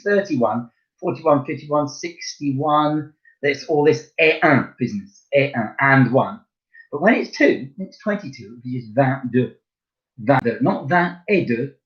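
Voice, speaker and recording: A man teaching French to primary school children in a recorded lesson. He is chatty and encouraging and slows right down to spell words letter by letter. His voice sits at a middling pitch, and the recording is a little dull and lo-fi.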